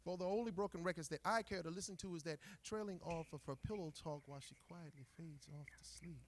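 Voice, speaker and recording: A man performing a spoken word poem on stage, rhythmic, dropping to hushed murmurs and rising to loud bursts. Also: a little high, fast talker, slight background noise.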